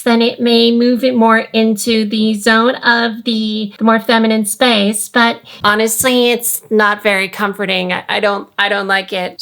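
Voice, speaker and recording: A woman in a casual tutorial vlog, talking through her tips in an easygoing, explanatory way. Her pitch sits in the middle range, and she leans on fillers as she shows how things sound. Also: a bit bright. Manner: chatty, explanatory, frequent fillers like "like"; demonstrates sounds while explaining. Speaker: vlogger giving voice tips.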